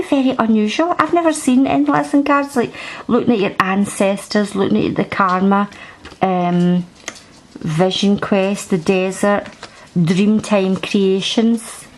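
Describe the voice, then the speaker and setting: A woman's voice: medium pitch, rough recording. A woman chatting through a card deck review at home, rambling and restarting her sentences. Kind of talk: casual show-and-tell review. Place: at home, indoors.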